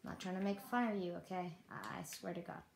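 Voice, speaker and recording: A young Canadian speaker giving rambling, apologetic let's-play commentary while building in a survival game. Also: female voice, fairly low pitch, fairly even intonation, fast talker, vocal fry, a little mellow. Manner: rambling, self-deprecating, apologetic. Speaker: gaming YouTuber. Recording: echoey room with faint noise.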